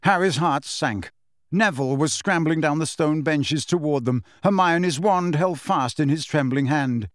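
A man narrating an audiobook in an expressive, dramatic storytelling style. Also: a little high, unhurried, dry recording, clean studio sound. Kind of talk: scripted narration.

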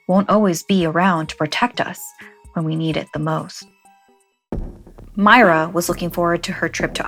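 A woman host narrating a scripted scary story in a hushed, dramatic manner. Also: on the low side. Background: faint music.

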